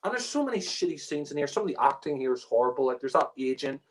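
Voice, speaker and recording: A man's voice: medium pitch, very animated, quick pace, a little hiss or hum. A man rants through a casual spoken review in an exasperated, profane way. His talk is loose and full of fillers like "you know" and "like." He breaks into laughter often as he complains.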